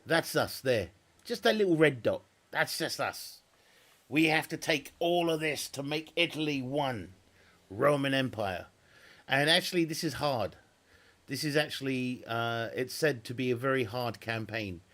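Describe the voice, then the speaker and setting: A man's voice: mid-range voice, a little slow, a bit bright. Male streamer at home, rambling, chatty commentary, restarts often. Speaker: game streamer. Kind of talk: casual live-stream gaming commentary. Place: at home with family nearby.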